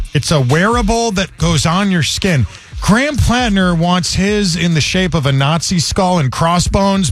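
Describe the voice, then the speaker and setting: A man hosting a comedy talk show, ranting in a sardonic, joking way in casual chat. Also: a little high. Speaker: comedy podcast host.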